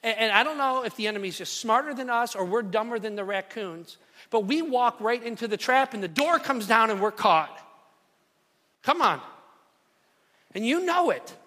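A man preaching a sermon to a congregation, telling a story with lively repetition and calls to the room. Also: high-pitched, brisk. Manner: animated, repeats phrases for emphasis, calls to the congregation. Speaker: pastor. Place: church hall. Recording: long hall reverb.

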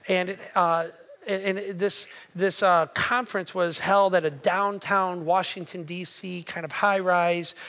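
A man's voice: sits high, steady tone, a little slow, sharp tone. A male pastor, telling a story in a sermon and acting out his own reactions. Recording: long hall reverb.

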